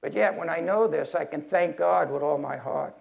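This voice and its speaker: A man's voice: on the high side, moderate pace, vocal fry. A man preaching a sermon in a heated, emphatic way, often restarting his sentences.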